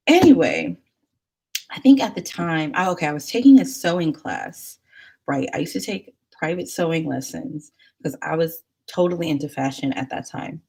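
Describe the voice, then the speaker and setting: A woman's voice: low-pitched, sing-song, normal speed, creaky, a little mellow, breathy edge. A woman telling stories in casual chat, rambling and chatty with many fillers.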